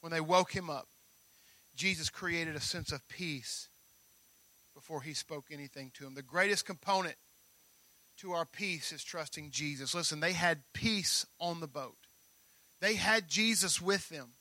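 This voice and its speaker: A man's voice: a little high, a little slow, bright, forceful tone. A male pastor preaching a sermon, emphatic and full of repeated phrases.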